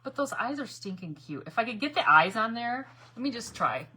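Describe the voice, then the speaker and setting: Woman craft vlogger, bright tone, chatty and giggly, faint room hum behind. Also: a little high, big pitch swings, a little fast. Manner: chatty, laughs often, mutters while working. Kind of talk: casual crafting chat to viewers.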